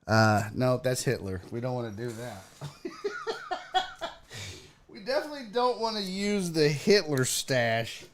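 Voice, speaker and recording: A man's voice: medium pitch, big pitch swings, measured pace, long pauses, a little hiss or hum. A man hosting a casual sports livestream, joking with his chat, his voice swinging around as he laughs often. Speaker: sports podcast host. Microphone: desk microphone.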